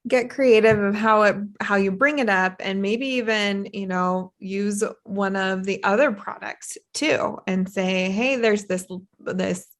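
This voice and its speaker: A woman hosting a casual podcast interview, chatty and quick to agree with her guest. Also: mid-range voice. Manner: chatty, agreeable, jumps in with support. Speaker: podcast host.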